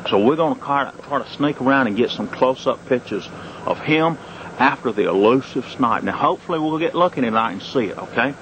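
A man's voice: medium pitch, animated, fairly quick, fairly bright tone, a little hiss or hum, close to an everyday voice, low-quality recording. A man hamming up a bold wildlife-show host. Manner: folksy exaggerated showman talk, repeats "mate". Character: goofy wildlife-show host, male, mock bravado. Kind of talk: amateur home-video parody. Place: outdoors at night.

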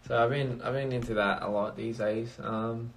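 A man's voice: mid-range voice, steady tone, normal speed, a little hiss or hum. A man chatting casually on a phone livestream, rambling and reading out viewer comments. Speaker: livestream host.

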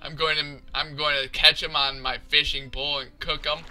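A man giving goofy, jokey gameplay commentary, excitable and crude, as host of a let's play. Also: on the high side, moderate pace. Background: game music.

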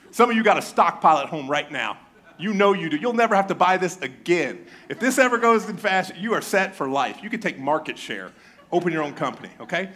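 A man preaches in an animated, joking way. His voice sits a bit high and swings widely in pitch as he teases his listeners and plays out what they might say. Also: fairly quick. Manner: animated, joking, mimics his congregation in raised voice. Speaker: pastor. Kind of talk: sermon.

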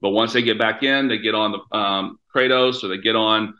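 A man's voice: fairly low pitch, fairly even intonation, moderate pace, pushed and bright, muffled recording. A man from the United States hosting a company video call, upbeat and hyped, with lots of fillers and restarts. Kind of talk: casual webinar hosting.

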